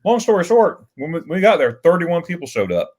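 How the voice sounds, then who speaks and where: A man's voice: fairly high pitch, sing-song, brisk, darkish tone. A man hosting a casual livestream chat, telling rambling stories with restarts and chuckles. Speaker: livestream host.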